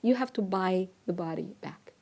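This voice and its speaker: A woman's voice: lowish voice, moderate pace, creaky, dark tone. A woman speaking earnestly as a panelist in a festival discussion, with frequent restarts.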